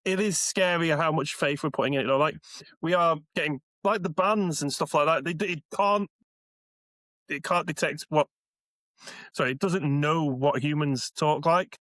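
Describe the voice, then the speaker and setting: A young Northern English man chats loosely on a podcast, rambling and breaking into laughter. His voice sits a little high for a man. The sound is close and dry, with no room echo. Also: normal speed, fairly bright tone. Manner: rambling, laughs often, restarts sentences. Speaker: podcast co-host and streamer. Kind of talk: casual chat.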